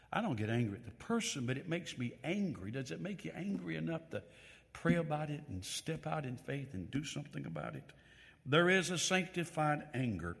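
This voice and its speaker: Animated preacher in a reverberant church. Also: male voice, on the high side, gravelly. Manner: animated, reads scripture aloud with emphatic stress; asks the congregation questions directly. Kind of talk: sermon. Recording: long hall reverb.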